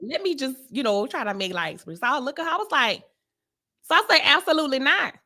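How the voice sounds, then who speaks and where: A woman, co-hosting a casual chat show and telling a blunt, animated story with frequent laughter. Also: high-pitched, a little fast. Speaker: podcast co-host.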